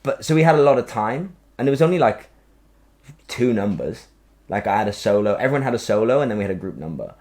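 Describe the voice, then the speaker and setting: A man, hosting a podcast and telling a story in a casual, animated way, acting out quotes and swearing freely. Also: lowish voice, fast. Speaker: podcast host. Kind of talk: casual chat.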